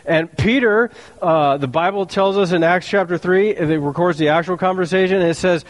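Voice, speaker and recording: A man's voice: sits high, normal speed. A man preaching a sermon as a pastor, telling the stories in a casual, joking way with slang.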